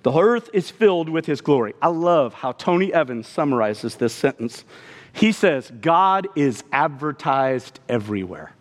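A man preaching a sermon to a congregation, expressive, often dropping his voice low for emphasis. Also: normal speed, big-room sound. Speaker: pastor.

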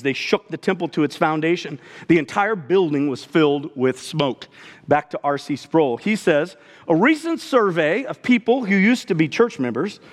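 A man preaching a sermon to a congregation, expressive, often dropping his voice low for emphasis. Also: in a large hall. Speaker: pastor.

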